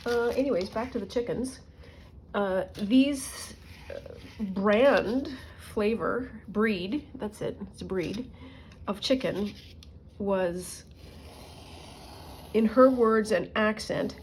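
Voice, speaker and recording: A woman's voice: medium pitch, slow, a little mellow, a little hiss or hum. A middle-aged woman telling rambling stories and muttering to herself as she works on a junk journal in a casual crafting vlog. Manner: rambling storyteller, muttering to herself while working.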